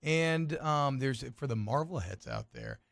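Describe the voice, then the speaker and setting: A man's voice: mid-range voice, very animated, measured pace, vocal fry, fairly bright tone, dry recording. A man player and co-host chatting casually and rambling with fillers. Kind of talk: casual chat.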